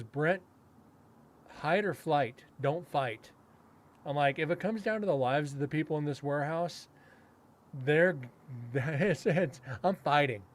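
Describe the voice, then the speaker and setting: Chatty man, rambling storyteller. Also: a little high. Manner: rambling, with frequent fillers and self-restarts, chuckling; acts out other people's lines in quick quotes. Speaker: paranormal investigator and podcast host. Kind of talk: casual storytelling chat.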